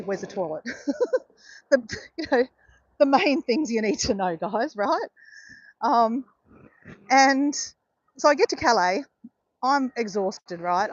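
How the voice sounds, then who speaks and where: A woman's voice: mid-range voice, no echo, dull audio. A middle-aged woman chatting casually on a walk, telling a story and often checking in with her viewers. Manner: chatty, keeps saying "guys" and "right". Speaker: vlogger.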